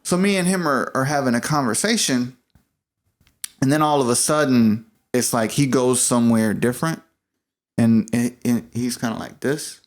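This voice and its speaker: A man's voice: mid-range voice, normal speed. A man co-hosting a podcast, joking around and telling a work story in casual slang. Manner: animated, joking, says "bro" and "yo". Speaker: podcast co-host. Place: new apartment room.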